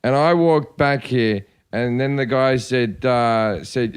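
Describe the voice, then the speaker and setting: A man's voice: medium pitch, slow pace, hardly any pauses, clean tone. A man hosting a podcast, telling crude drinking stories in casual chat, often acting out the people in them. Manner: swearing, animated anecdotes with put-on voices. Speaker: podcast host.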